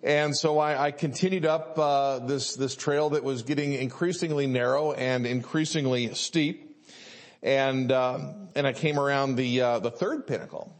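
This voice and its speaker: A man's voice: medium pitch, fairly even intonation, measured pace. A male pastor, preaching a sermon and telling a story with many fillers and restarts.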